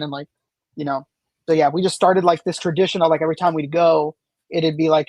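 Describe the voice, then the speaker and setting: A man's voice: a little high, quick pace, no echo. A man chatting as a podcast guest, rambling through stories with many fillers and restarts. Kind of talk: casual chat.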